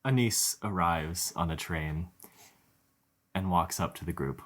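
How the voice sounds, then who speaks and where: A man narrating as game master of a tabletop fantasy game, in measured storytelling tones. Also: sits low, a bit bright.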